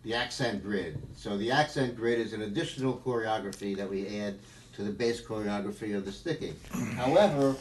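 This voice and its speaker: Fairly quick and lowish in pitch, this drum teacher thinks out loud through a live lesson, rambling and using lots of fillers. He's recorded from a distance in an echoey room, with noise in the background.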